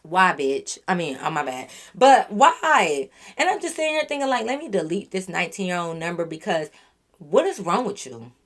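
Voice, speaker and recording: A young woman on her YouTube channel tells a storytime, ranting bluntly at someone who lied to her. She's animated and profane, venting straight at the listener in a lowish voice at a normal pace.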